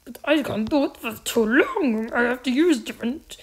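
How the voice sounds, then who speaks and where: Slow, gravelly high-voiced woman gamer. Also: a bit bright, low-quality recording. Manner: deliberately strained, odd put-on voice; drawn-out, repetitive. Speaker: gaming channel host. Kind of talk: gameplay commentary.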